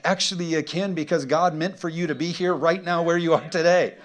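A middle-aged man preaching a sermon to his congregation, energetic and humorous, often asking the room for an amen. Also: on the high side, fairly quick. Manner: energetic preaching with call-and-response questions and humor. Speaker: pastor. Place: church sanctuary with congregation.

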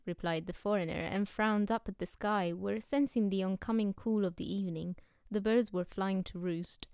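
A woman narrating an audiobook in a measured storytelling way. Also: mid-range voice, fairly even intonation, darkish tone, smooth, no room sound, studio quality. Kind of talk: scripted narration.

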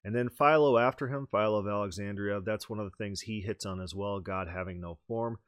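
A man with a fairly low voice hosts a teaching podcast, laying out ideas step by step in an explanatory manner. The sound is dry and close, with no room around him. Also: fairly quick, no echo. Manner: explanatory, reads quoted texts aloud with rising emphasis. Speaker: podcast host. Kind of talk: teaching podcast talk with read-aloud quotations.

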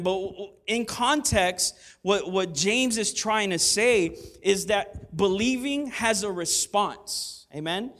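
A man's voice: sits high, slow pace, hardly any pauses, a bit bright. A man preaching a casual, conversational sermon, often asking the congregation for an amen. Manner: conversational, asks the congregation for amens; self-deprecating humor. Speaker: pastor.

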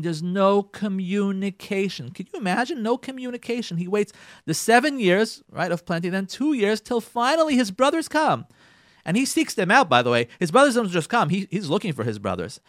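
High lively guy telling a torah story, super animated, dry close sound. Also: no room sound. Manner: dramatic storyteller, addresses "ladies and gentlemen", acts out dialogue; repeats and restarts phrases for emphasis. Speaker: radio Torah speaker.

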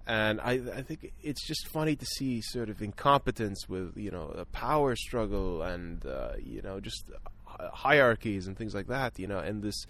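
A man's voice: lowish voice, expressive, normal speed, hardly any pauses, fairly bright tone. A man talking through his thoughts on films in a casual discussion, thoughtful and full of fillers and restarts. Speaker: film podcast guest.

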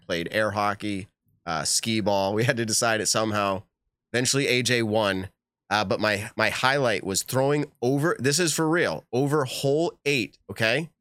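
A man hosting a live podcast in casual chat, animated and laughing often as he reads texts aloud. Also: lowish voice, clean tone, no room sound, clean studio sound. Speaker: podcast host.

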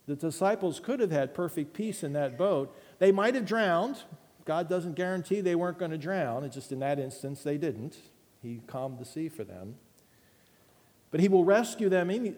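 A man preaching a sermon in an earnest, emphatic way, dropping to a hush at times. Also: on the high side. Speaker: pastor. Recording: long hall reverb.

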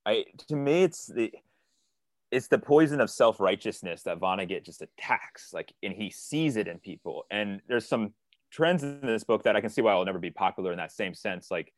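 A man's voice: lowish voice, animated, moderate pace, dry recording, clean studio sound. A man co-hosting a casual literary discussion, talking earnestly and rambling a little as he paraphrases characters. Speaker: co-editor and podcast co-host.

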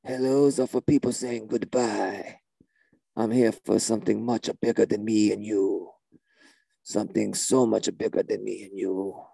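A man voicing a spaced-out, deadpan male shaman who plays the guitar, with a put-on drawl. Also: fairly low pitch, measured pace, gravelly, breathy edge, dry recording, exaggerated voice, poor audio. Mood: solemn. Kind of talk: comedy sketch character.

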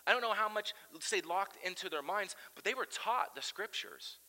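Guy preaching in a church, really bright voice, big echoey hall, gets loud then drops way down. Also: high voice, normal speed. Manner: animated preaching, chanting crowd shouts aloud. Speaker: pastor. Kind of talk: sermon.

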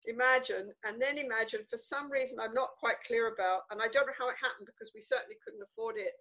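An older woman, a guest in an interview, telling stories from her childhood in an animated, emphatic way. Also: on the high side, quick pace, rough recording. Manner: animated, emphatic, repeats words for stress. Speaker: guest author. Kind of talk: conversational interview storytelling.

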